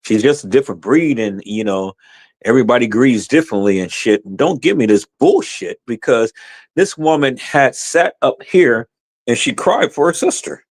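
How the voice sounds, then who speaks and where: A man, ranting on his live stream with lively pitch that swings up and down. He repeats phrases and keeps calling out to his viewers. His voice sits in a middle register. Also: moderate pace. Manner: impassioned, repetitive, addresses viewers as "peoples".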